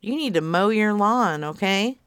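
A woman's voice: medium pitch, animated, unhurried, a bit bright, clean tone, dry recording. A woman streaming live as she makes prank phone calls, teasing and mock-stern with the people she rings.

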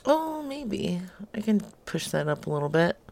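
A woman's voice: low voice, fast talker, creaky, a little mellow. A woman co-hosting a comedy show, chatting in a giggly, teasing way and swearing freely. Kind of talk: casual banter on a live show.

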